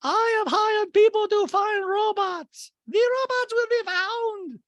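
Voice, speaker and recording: A man putting on the voice of a lofty, formal woman reality star, slow and stiffly formal. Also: very high-pitched, fairly bright tone, no echo, clean studio sound, voice pushed up, full character voice.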